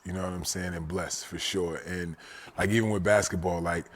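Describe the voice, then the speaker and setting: A man in his forties, a guest telling a personal story in a casual, animated way. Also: low-pitched, fairly quick. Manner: animated storyteller, often says "you know what I'm saying".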